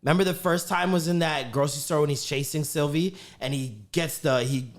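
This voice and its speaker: A man's voice: on the high side, brisk. A man co-hosting a casual podcast, swearing freely and acting out scenes as he talks. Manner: animated, swears freely, acts out scenes with laughter. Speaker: podcast co-host. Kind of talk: casual chat.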